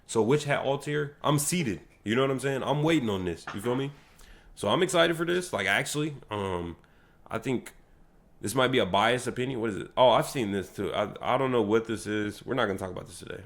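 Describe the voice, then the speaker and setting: A young American man hosting a solo livestream podcast, talking casually in slangy, hyped, rambling bursts. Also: mid-range voice. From United States.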